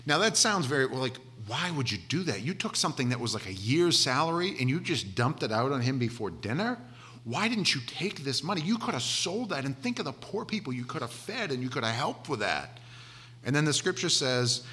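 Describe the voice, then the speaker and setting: A man preaching a conversational sermon, retelling scripture with animated asides and voiced characters. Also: mid-range voice, moderate pace.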